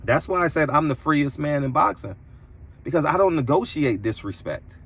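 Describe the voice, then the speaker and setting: A man delivering an opinionated commentary monologue as a boxing commentator, preachy and emphatic, his voice jumping higher when indignant. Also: expressive, moderate pace, a bit bright, breathy edge.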